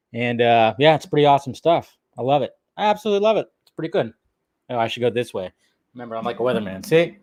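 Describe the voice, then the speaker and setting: A man's voice: fairly high pitch, no echo. A man hosting a casual live stream, loosely chatting, swearing and greeting viewers by name.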